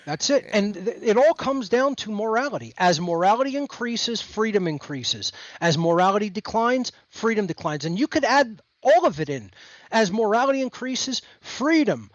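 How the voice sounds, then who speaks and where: High-voiced man lecturing emphatically. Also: big pitch swings, moderate pace, no room sound, muffled recording. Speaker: guest. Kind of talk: podcast conversation.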